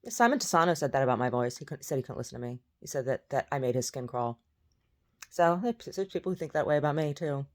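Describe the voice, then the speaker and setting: A woman's voice: extremely low pitch, expressive, quick pace. A woman talks from her bed, still groggy with her first-thing-in-the-morning voice. She rambles through a casual monologue, blunt and full of opinions. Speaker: vlogger. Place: in bed at home.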